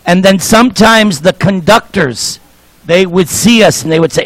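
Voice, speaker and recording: A man's voice: high-pitched, normal speed, a bit bright, no room sound, rough recording. Jovial older man telling temple stories. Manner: jovial, joking storyteller. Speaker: speaker at a temple program. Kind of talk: sermon with anecdotes.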